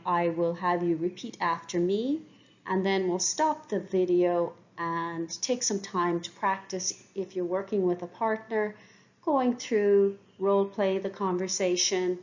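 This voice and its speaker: Woman teacher going real slow thru phrases, patient, kinda muffled lo-fi sound. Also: medium pitch, darkish tone. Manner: patient, repeats each phrase for learners. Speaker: language teacher. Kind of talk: slow, clear language lesson with repeated drills.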